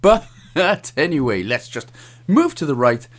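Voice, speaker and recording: A man's voice: fairly high pitch, sing-song, a little slow. A young man with a Welsh accent talks through a game walkthrough in a chatty, cheeky way, joking and laughing as he plays. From Wales. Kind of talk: casual gameplay commentary.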